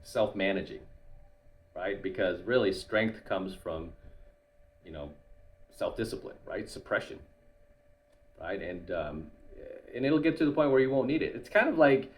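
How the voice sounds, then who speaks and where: A man's voice: lowish voice, expressive, unhurried, pauses often. A man hosting his channel, giving other men advice in a casual monologue and tagging nearly every point with "right?".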